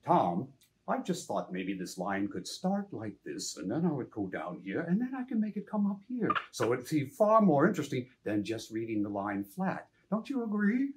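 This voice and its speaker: A man's voice: mid-range voice, huge pitch swings, normal speed. A man impersonating a vain older actor who gives lines exaggerated rising and falling intonation. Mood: coaxing. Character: vain older male actor, sing-song line readings.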